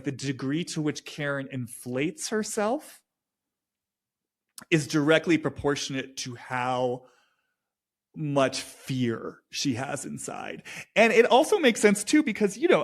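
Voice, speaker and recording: Man doing a halting, searching intuitive reading. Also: on the high side. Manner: halting, searching, with repeated phrases and frequent "like". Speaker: intuitive reader. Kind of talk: reflective solo monologue, channeling a subject's feelings.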